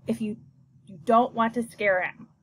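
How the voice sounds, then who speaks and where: A woman voicing a patient mother who is a veterinarian, explaining things calmly and gently in an audiobook reading. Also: fairly high pitch, a little slow, a little hiss or hum.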